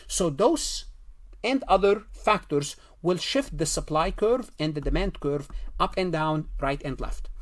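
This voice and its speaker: A man's voice: a little high, animated, a little slow. A man giving a recorded exam-prep economics lecture, repeating himself and asking rhetorical questions. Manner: repetitive, rhetorical questions, self-corrections. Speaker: accounting lecturer.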